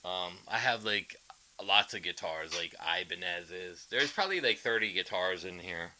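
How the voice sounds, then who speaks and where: Male guitarist streamer, animated and rambling, greets the chat between licks. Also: deep voice, moderate pace, slight background noise, low-quality recording. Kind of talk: casual livestream chat.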